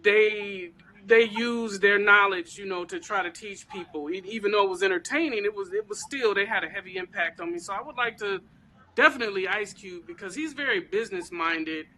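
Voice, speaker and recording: A woman, a guest crafter, talking in a casual, animated interview with informal slang and plenty of emphasis. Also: medium pitch, fairly quick.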